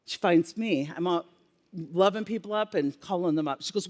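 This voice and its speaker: A woman giving a keynote on stage, telling a workplace story with lively acted-out dialogue. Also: lowish voice, moderate pace. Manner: animated storyteller acting out dialogue. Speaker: keynote speaker, former healthcare leader. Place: conference stage. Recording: long reverb of a conference hall.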